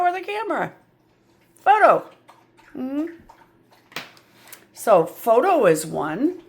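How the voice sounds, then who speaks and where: A woman tutoring phonics, patiently sounding out letters and words, with chatty asides of "yep" and "mm-hmm". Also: medium pitch. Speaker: reading tutor. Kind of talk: phonics lesson.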